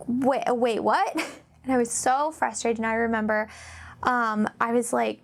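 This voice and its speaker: A woman's voice: a little high, a little slow, creaky. A woman hosting a casual faith-based vlog, telling stories in a chatty, rambling way with lots of fillers and acting out the voices she quotes. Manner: animated, acts out quoted voices. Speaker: mom vlogger, host.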